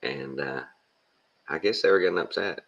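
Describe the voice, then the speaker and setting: Gravelly deep-voiced Texan man. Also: moderate pace, a bit bright, lo-fi sound. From Texas. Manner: blunt and plainspoken, with folksy slang. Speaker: vlogger. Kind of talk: casual rambling monologue.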